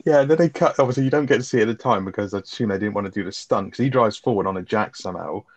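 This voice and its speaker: A man's voice: lowish voice, rapid-fire, no echo. A man, co-hosting a casual film review chat, sweary and chatty, laughing as he retells scenes. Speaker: podcast co-host.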